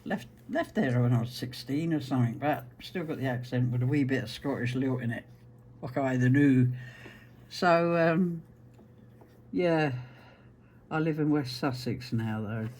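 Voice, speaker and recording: A man with an Essex accent talks through a quilting demonstration in a chatty, wandering way, sitting at a middle pitch. Faint noise hums underneath his voice. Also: a little slow, a little mellow. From South Essex, England. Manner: chatty, rambling. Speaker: quilting tutor. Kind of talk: casual sewing demonstration.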